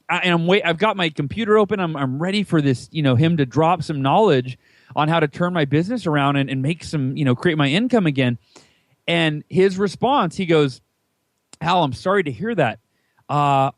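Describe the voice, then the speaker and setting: An animated American man in his thirties tells his story as a podcast guest, jumping into a higher voice whenever he acts out what someone said. His voice sits high for a man and sounds dry and close. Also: no echo. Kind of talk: casual storytelling interview.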